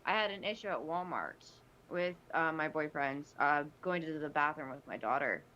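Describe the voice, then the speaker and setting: A woman's voice: low voice, moderate pace, highs cut off, a little hiss or hum. A woman in casual podcast talk, telling stories animatedly with lots of restarts and quoted voices. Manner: animated storytelling with many restarts. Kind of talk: casual chat.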